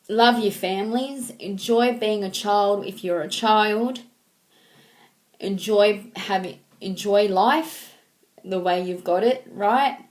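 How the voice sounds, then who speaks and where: A woman in her thirties talking to her viewers in a casual, heartfelt way, halting and sentimental, with frequent ums and restarts. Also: medium pitch. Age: 30s. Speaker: vlogger. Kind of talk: casual heartfelt talk to camera.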